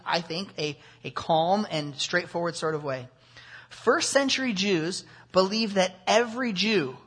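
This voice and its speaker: Man, preacher, husky voice, expository sermon, animated, rhetorical questions. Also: high-pitched.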